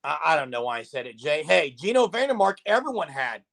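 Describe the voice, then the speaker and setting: High gravelly-voiced male sports host. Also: big pitch swings, fairly quick, fairly bright tone. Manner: chatty, reads viewer comments aloud. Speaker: podcast host. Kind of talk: casual sports talk.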